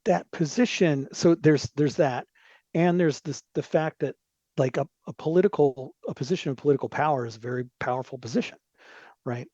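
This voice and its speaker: A man's voice: fairly high pitch, fairly quick, darkish tone, no echo. A man talking as a podcast guest in a rambling, digressive casual chat, with frequent asides, on a dull lo-fi recording.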